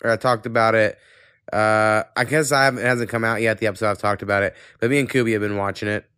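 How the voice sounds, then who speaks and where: A congested man hosting a casual podcast chat. His voice sits fairly low and sounds smooth and clear. He rambles and swears freely, recorded dry and close with no room sound. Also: fairly even intonation, fast, sharp tone, no room sound. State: congested with a cold. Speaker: podcast host.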